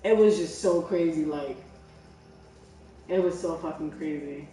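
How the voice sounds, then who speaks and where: A woman's voice: deep voice, a little slow, soft background music. Young New woman telling a story casually. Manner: animated, profane, filler-heavy storytelling. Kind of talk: casual chat. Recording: echoey room, far from mic.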